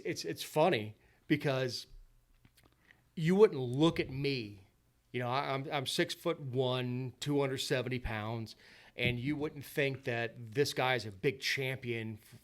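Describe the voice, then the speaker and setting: Earnest, stammering man. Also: medium pitch. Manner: repeats words and restarts often. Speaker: podcast guest. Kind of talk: earnest conversational storytelling.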